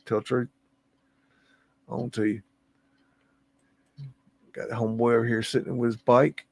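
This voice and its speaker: On a livestream, a male host muses aloud over photos, easily amazed and humming to himself between comments. His medium-pitched voice is creaky and flat, delivered at a measured pace with no room sound.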